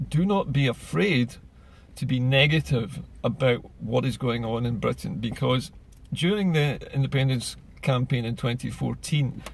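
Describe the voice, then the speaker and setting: A man's voice: mid-range voice, creaky, breathy edge. A man, speaking in an earnest, persuasive political monologue full of rhetorical questions. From Scotland. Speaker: political commentator.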